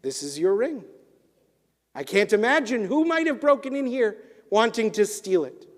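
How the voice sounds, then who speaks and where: A man voicing a devout, humble male shopkeeper who speaks gently and earnestly, in a chapel with long reverb. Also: sits high, sing-song, normal speed. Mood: calm explaining. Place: synagogue chapel.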